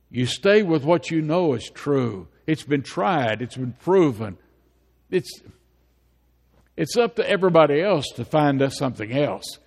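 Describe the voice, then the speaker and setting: Man, pastor, preaching a sermon, fairly high voice, repeated rhetorical questions, long hall reverb. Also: darkish tone.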